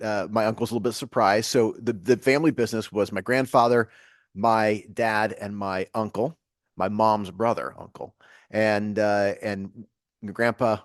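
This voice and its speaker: A man's voice: fairly low pitch, no echo, clean studio sound. A man with a Southern US accent, a podcast guest telling his story in a wry, easygoing way. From Atlanta, USA. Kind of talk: casual podcast conversation.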